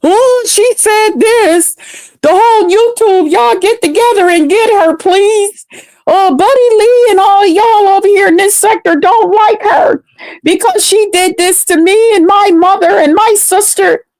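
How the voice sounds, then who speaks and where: A woman's voice: very high voice, unhurried, darkish tone, dry recording, pitched above the performer's own voice, rough recording. A woman mimicking another grown woman as a melodramatic, sobbing whiner. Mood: mock crying. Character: wailing self-pitying grown woman, mocked.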